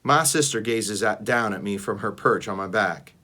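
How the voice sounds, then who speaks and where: A man, a teacher, reading a first-person animal novel aloud with expressive delivery. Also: lowish voice, normal speed. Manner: expressive, shifts between voices.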